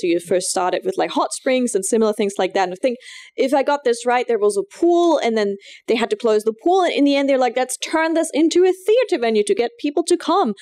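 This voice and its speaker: A woman's voice: a little high, darkish tone, no echo, clean studio sound. Upbeat German-accented woman podcaster. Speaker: podcast co-host. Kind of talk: casual podcast chat.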